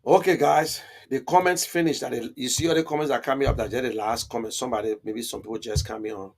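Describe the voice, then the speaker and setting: A man's voice: mid-range voice, fairly even intonation, fast talker. A man hosting a political live stream, answering viewer comments in an emphatic, repetitive and argumentative way.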